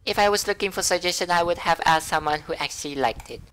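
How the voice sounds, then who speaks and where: A man voicing a sharp-tongued, defensive teenage girl in a high, snappy put-on voice while reading game dialogue aloud. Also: fast, slight background noise, natural voice. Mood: indignant. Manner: snappy, sarcastic high falsetto-like voice.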